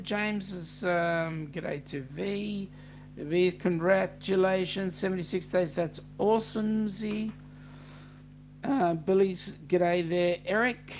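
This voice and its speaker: A man's voice: sits high, slight background noise. A man with an Australian accent hosting a casual livestream, reading out viewer comments and chatting with many fillers. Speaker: livestream host.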